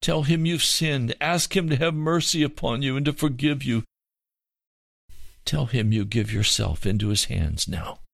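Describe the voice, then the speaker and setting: A man's voice: mid-range voice, a little slow, gravelly, a bit bright, dry recording, studio quality, pitched above the performer's own voice. A man playing an earnest pleading pastor.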